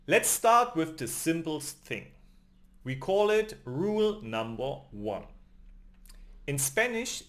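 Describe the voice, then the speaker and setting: A man teaching a scripted pronunciation lesson, speaking deliberately and stressing each example word. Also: on the high side. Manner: slow, deliberate, lively teacher delivery with emphatic example words. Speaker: language teacher.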